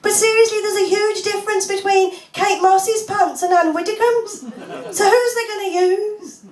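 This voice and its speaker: A woman doing a stand-up comedy set of deadpan one-liners, laughing often. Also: very high voice, normal speed. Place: small pub comedy club, audience laughing. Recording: echoey room, voice from far off.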